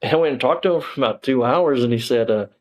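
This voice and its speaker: A man's voice: medium pitch, quick pace, lo-fi sound. A man, a former police officer telling his story as an interview guest in a rambling way, full of restarts and fillers.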